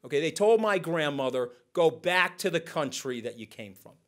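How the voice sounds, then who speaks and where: A man speaking as a guest on a conference stage, telling lively anecdotes and acting out what others said. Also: on the high side, normal speed. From United States. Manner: animated, acting out quotes in other voices. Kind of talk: onstage storytelling conversation.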